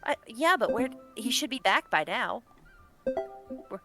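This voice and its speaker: A woman's voice: on the high side, lively intonation, slow pace, pushed and bright, faint music behind. A woman narrating a tabletop game as game master, with descriptive storytelling and frequent fillers.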